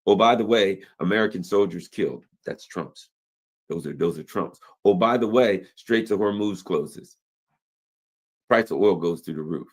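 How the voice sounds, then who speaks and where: A man hosting a casual political commentary show, talking emphatically with rhetorical questions and quick mimicked asides. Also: low voice. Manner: mimics other people in quick quoted asides.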